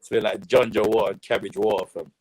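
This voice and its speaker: A man's voice: on the low side, fairly even intonation, a little fast, a little mellow. A man rambling in crude, slang-heavy banter on a live online panel.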